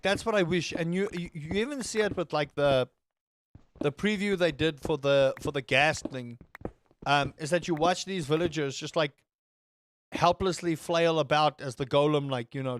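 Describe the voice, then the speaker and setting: Man, gaming streamer, casual let's-play commentary, excitable, swears freely, rambling, slightly high voice, faint background noise.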